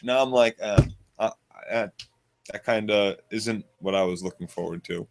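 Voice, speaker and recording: A man's voice: on the low side, normal speed, noisy background. A man co-hosting a casual TV review chat, joking and rambling. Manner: joking, rambling, laughs easily. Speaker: podcast co-host.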